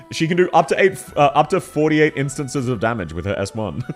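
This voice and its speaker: A man chats casually on a live stream, his pitch bouncing wildly up and down as he reacts to viewers. He laughs a lot and keeps things loose, with soft music playing faintly in the background.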